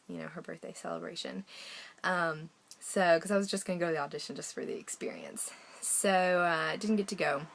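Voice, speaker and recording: A young woman from the United States talks casually to her viewers, rambling along with plenty of ums and quick laughs. Her lowish voice has a gravelly fry, and faint noise sits under the recording. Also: low-quality recording. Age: young adult. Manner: chatty and rambling, many ums, frequent laughs. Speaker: vlogger. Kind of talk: casual video diary.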